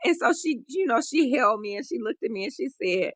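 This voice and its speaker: A woman guest, a relationship coach, telling a personal story in an animated conversational way, full of "you know". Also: fairly high pitch, fairly quick, no room sound. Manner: animated, acts out quoted voices, frequent "you know".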